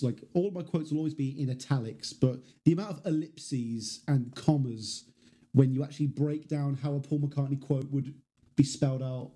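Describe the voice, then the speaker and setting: A man guesting on a casual podcast, talking in an animated, joking way. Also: mid-range voice. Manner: animated, jokey, breaks into impressions.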